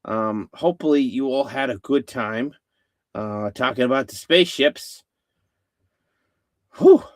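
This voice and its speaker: A man's voice: mid-range voice, measured pace, no room sound, clean studio sound. A man hosting a casual live-stream chat, rambling with many fillers and restarts. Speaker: host.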